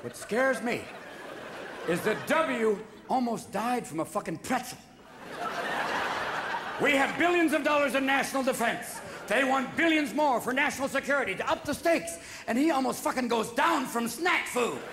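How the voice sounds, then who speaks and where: A man doing live stand-up comedy on a theater stage, manic and rapid-fire, bursting into loud shouts and sudden voice switches. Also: very high voice, expressive, echoey room. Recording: live theater recording with crowd noise. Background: audience laughing and cheering.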